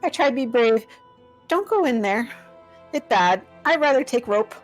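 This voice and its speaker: A woman voicing a skittish female macaw bird-woman wizard who talks in broken English with a high, chirpy voice. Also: expressive, normal speed, faint music behind, lightly acted. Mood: anxious, indignant.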